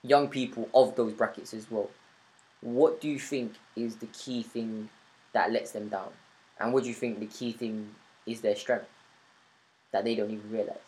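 A man's voice: on the low side, fairly even intonation, normal speed, a little mellow, low-quality recording. A man, hosting a podcast interview in a reflective, earnest way with long flowing points. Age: 20s. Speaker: podcast host. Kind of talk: casual interview chat.

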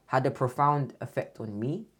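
Podcast host, man, husky, mid-pitched, loose and rambling. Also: normal speed, a bit bright. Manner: rambling, restarts, self-correcting. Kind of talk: casual interview.

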